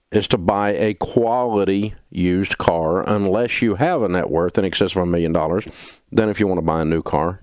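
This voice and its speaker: A man's voice: sits low, no room sound, studio quality. An older man giving folksy, emphatic personal finance advice as a host.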